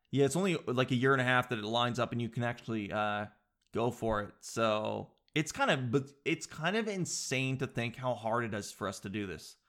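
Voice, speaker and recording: A man's voice: mid-range voice, fairly bright tone. A young man hosting a casual solo show, rambling and joking in a slangy way. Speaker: podcast host.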